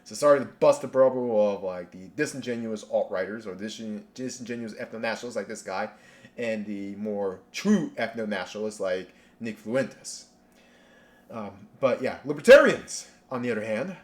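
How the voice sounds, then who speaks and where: A man's voice: mid-range voice, lively intonation, normal speed. A man hosting a casual reaction rant, sarcastic and rambling, with lots of restarts. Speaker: commentary channel host.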